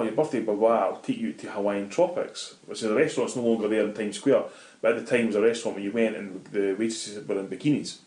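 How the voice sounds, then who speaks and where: Low-voiced Scottish man telling stories. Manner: animated, anecdotal, swears freely. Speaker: interview guest. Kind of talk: casual storytelling. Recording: roomy echo.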